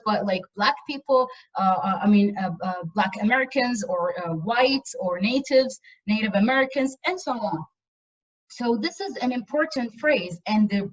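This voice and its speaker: Woman lecturer, earnest and emphatic, mid pitch, muffled video-call audio. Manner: earnest, emphatic with frequent repetitions. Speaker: university lecturer. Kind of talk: online lecture.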